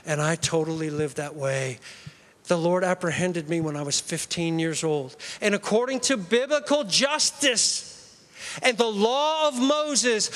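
High, bright-voiced male preacher. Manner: animated storytelling delivery. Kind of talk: sermon.

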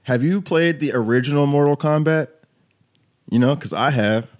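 A man's voice: on the high side, moderate pace. Podcast host in his twenties, laid-back storyteller, fills every gap with "like" and "you know". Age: 20s. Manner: loose storytelling, full of "like" and "you know what I'm saying". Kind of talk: casual chat.

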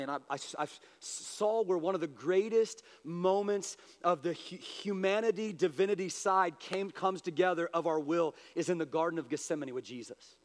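A man preaching a sermon as pastor, swinging from hushed low asides to raised, pleading prayer voices. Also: in a large hall.

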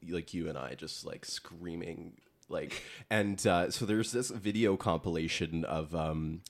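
A man's voice: sits low, unhurried, creaky. A man from Ontario, co-hosting a podcast in casual, rambling chat full of fillers. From Ontario, Canada. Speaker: podcast co-host.

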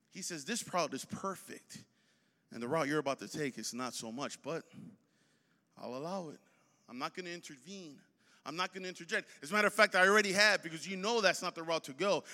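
Brief: man in his 40s, pastor preaching, higher voice, reverberant hall. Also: sharp tone. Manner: preaching with rising emphasis and repetition. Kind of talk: sermon.

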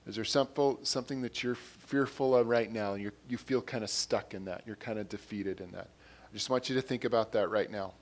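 A man preaching a sermon in an earnest way, repeating his phrases and growing louder when he reads quotes and scripture. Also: fairly low pitch, fairly quick, few pauses.

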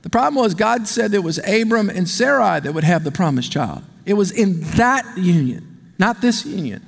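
A man preaching a sermon, lively and animated, leading the congregation in call-and-response. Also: high voice, normal speed, gravelly. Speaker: pastor. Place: church sanctuary. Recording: long hall reverb.

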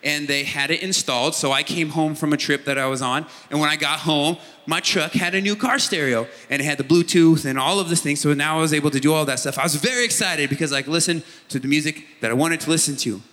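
A man's voice: fairly high pitch, quick pace, hardly any pauses, pushed and bright. A middle-aged man preaching a sermon, telling a personal story in a conversational way. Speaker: pastor. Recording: long hall reverb.

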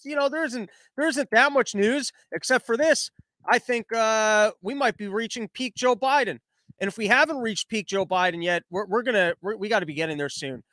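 A man's voice: high voice, a bit bright, dry recording. A male comedian hosting a podcast, rambling through a crude, self-interrupting monologue. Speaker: comedian host.

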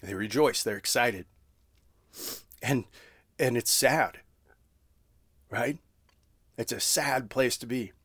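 A man preaching a sermon. He reads scripture slowly, then explains it in casual words with frequent "right?" asides. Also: medium pitch, a bit bright, slightly rough, no echo, clean studio sound. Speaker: pastor.

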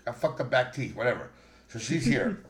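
A middle-aged man rambles through a story with blunt, foul-mouthed energy. His voice sits at an ordinary pitch for a man. The room around him sounds echoey. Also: big pitch swings, normal speed. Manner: brash, heavily profane, rambling. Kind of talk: casual podcast banter and storytelling.

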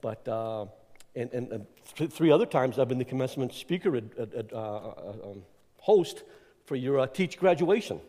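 A man giving an energetic, rambling address as guest speaker in a church, with lots of fillers and emphatic repeats. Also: mid-range voice, moderate pace. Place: church sanctuary. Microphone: clip-on mic that keeps slipping. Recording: echoey church hall.

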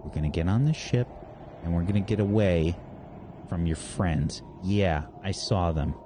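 A man's voice: sits low, a little slow, noisy background. A man voicing an unhinged young male killer who snarls threats. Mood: menacing.

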